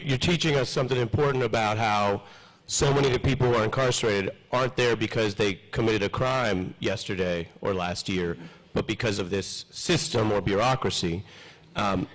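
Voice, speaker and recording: A man moderating a panel who speaks gently and supportively and stumbles over some of his words. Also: fairly low pitch, normal speed, rough recording. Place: conference hall stage.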